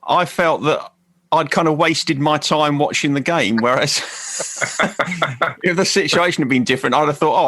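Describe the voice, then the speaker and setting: A man on a podcast, ribbing his co-host with wry, leading questions in a relaxed back-and-forth. His voice is ordinary in pitch and tone, easygoing and unforced. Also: moderate pace. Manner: teasing, dry questions. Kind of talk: casual chat.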